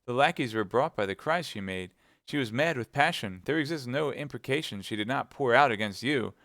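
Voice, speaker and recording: A man's voice: animated, fairly quick, fairly bright tone, dry recording, clean studio sound. A man voicing a frightened young female chambermaid, speaking in a pleading, breathless way during an audiobook reading. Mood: anxious. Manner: pleading, breathless, high-pitched.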